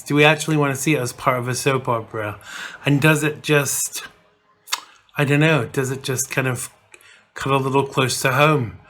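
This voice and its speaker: A man's voice: medium pitch, bright, forceful tone. A man hosting a casual vlog, chatting to camera in a rambling way with lots of fillers and restarts. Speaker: vlog host.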